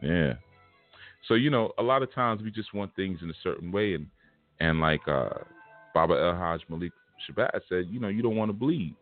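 A man with a very deep voice gives a spiritual lecture, preaching in a casual, emphatic way full of everyday slang. The audio is tinny and phone-like, with faint music in the background. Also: expressive, normal speed. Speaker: spiritual teacher.

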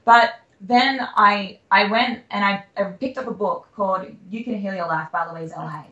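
A woman's voice: medium pitch, moderate pace, sharp tone, highs cut off. A young Australian woman telling her personal story candidly as an interview guest, rambling with fillers and restarts. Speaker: guest, singer-songwriter. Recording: echoey room.

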